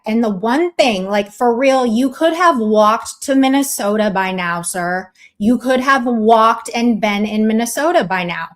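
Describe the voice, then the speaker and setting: A woman on a livestream ranting in a scornful, sarcastic way at someone who let her viewers down. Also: medium pitch. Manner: scornful, sarcastic, drawn-out delivery. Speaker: streamer. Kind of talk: mocking livestream rant.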